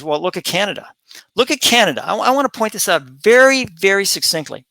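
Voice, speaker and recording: A very animated middle-aged man delivers an opinion monologue on his commentary channel in a bright, slightly high voice at a quick pace. He rambles and repeats phrases, stopping to restart and filling gaps with "um" and "you know." The recording is close and dry, with no room sound.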